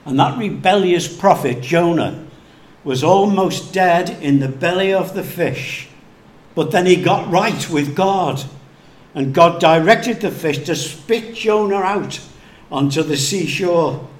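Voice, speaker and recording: A male pastor preaching a sermon slowly and deliberately, dropping to hushed tones for emphasis. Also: high-pitched. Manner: slow, deliberate preaching with hushed dramatic drops. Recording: echoey room with faint background noise.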